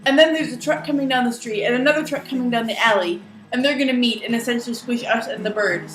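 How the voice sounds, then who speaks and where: A woman's voice: fairly high pitch, quick pace, distant mic. A young woman telling a funny everyday story in a chatty vlog, acting out what others said. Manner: chatty, animated, acts out the voices of others. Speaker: vlogger. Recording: echoey room with faint music.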